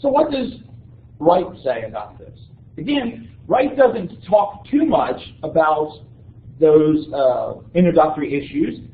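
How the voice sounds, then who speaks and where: A man's voice: on the high side, very animated, takes it slowly. A man giving a university lecture in a conversational way, often checking in with his listeners. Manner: conversational, keeps checking in with "right?". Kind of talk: classroom lecture. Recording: echoey room, tinny phone-like sound.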